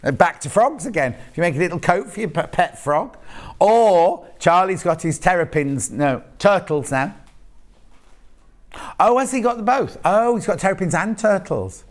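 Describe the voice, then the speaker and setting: Lively, chatty shopping-channel man. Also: sits high, normal speed. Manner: chatty, joking, rambling asides. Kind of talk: live TV selling chat. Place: TV studio.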